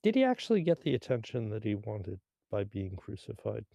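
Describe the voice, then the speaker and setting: A man's voice: on the low side, very animated, fairly quick, gravelly, dark tone, no echo. A man on a casual podcast teasing and needling his co-host.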